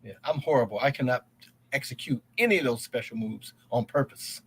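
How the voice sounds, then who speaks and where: A man's voice: medium pitch, fairly quick, husky, poor audio. A man joining a casual gaming podcast, joking about his own skill. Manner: joking, self-deprecating.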